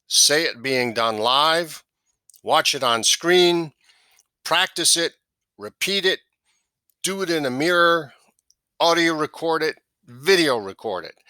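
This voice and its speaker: A man's voice: medium pitch, sharp tone, no echo. A man teaching a sales course, coaching step by step and checking in with "right?" and "okay?" as he goes. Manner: coaching, repeats key phrases, asks "right?" and "okay?". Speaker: sales trainer. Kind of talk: instructional talk to camera.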